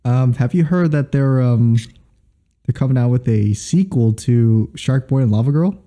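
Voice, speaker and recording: A man's voice: mid-range voice, normal speed, warm tone, muffled recording. A young man co-hosting a casual podcast, rambling and hesitant as he talks. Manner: rambling, hesitant, full of fillers. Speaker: podcast co-host. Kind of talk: casual chat.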